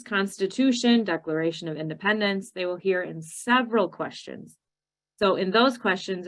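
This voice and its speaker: A woman with a Minnesotan accent walks teachers through her classroom strategies in a steady, explanatory way. She leans on key words, drawing them out slowly so that each one lands. Her voice sits at an ordinary middle pitch. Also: poor audio. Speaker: ESL teacher trainer. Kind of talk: teacher training presentation.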